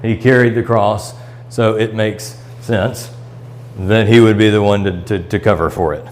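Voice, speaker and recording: A man's voice: fairly low pitch, steady tone, measured pace, slight background noise, poor audio. A man with a Midwestern American accent, teaching a Bible study lesson in a church classroom and reading passages aloud, with fillers and restarts. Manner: reads scripture aloud and explains it, with fillers and restarts.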